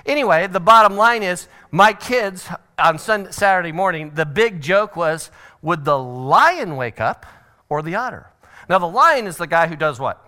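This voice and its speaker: Middle-aged man, seminar speaker, high-ish bright voice, animated delivery. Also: normal speed. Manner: animated, acts out family scenes with shouted voices. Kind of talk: church seminar teaching.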